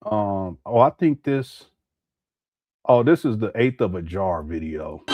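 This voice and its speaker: A man's voice: lowish voice, animated, slow, dry recording, muffled recording. A man commenting casually on a live stream, laughing often and mocking what he plays.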